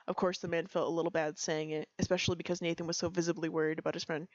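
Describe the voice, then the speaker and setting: A lower-voiced woman reads community stories aloud in a relaxed stream, giggling often between passages. Her sound is dry and a little dull, as from a plain home mic. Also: racing, few pauses, dry recording. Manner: giggly, breaks into laughter. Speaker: streamer reading community roleplay posts. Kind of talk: casual read-aloud storytelling.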